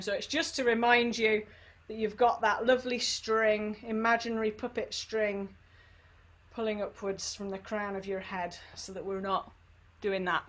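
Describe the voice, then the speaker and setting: A woman leading an online sing-along warm-up over a computer microphone, chatty and encouraging, with playful asides. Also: mid-range voice. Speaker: singing workshop leader.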